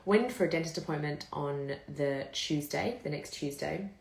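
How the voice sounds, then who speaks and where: A woman's voice: low voice, moderate pace, creaky. A woman in her thirties chatting candidly to viewers in a live vlog, telling her story casually and swearing freely. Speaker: vlogger. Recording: echoey room.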